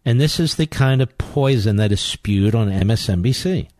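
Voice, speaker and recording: A man's voice: medium pitch, animated, normal speed, darkish tone, no echo, clean studio sound. A man hosting a political talk radio show, commenting in a sarcastic, mocking way and breaking into exclamations.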